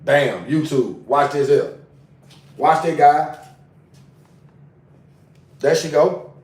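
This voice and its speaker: A man's voice: on the high side, drawn-out words, a little mellow, far from the mic. A man on a casual livestream, talking in an agitated, profane way and repeating himself, recorded away from the mic. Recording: roomy sound, away from mic.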